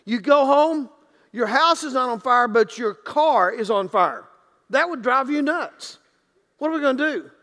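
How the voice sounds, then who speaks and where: A man's voice: very high voice, lively intonation, a little slow, a bit bright, big-room sound. A man preaching a sermon as pastor in a church sanctuary, talking in a loose, conversational way with many restarts and acted-out quotes.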